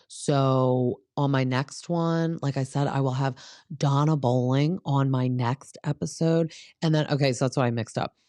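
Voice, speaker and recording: A woman's voice: very deep voice, darkish tone, no echo. A woman hosting a podcast in a casual gossip chat, talking in a chatty, sarcastic, rambling way with lots of asides. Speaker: podcast host.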